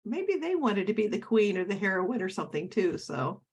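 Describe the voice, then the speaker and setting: A woman's voice: medium pitch, big pitch swings, moderate pace, slightly rough. A woman from Oregon, a guest author talking casually in an interview over a video call, chatty and reminiscing with many fillers and restarts.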